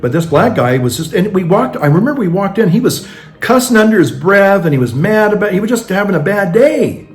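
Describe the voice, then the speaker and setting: A man's voice: sits high, big pitch swings, brisk. A man talking casually in a monologue, rambling with frequent restarts and acting out the people he quotes. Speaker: vlogger.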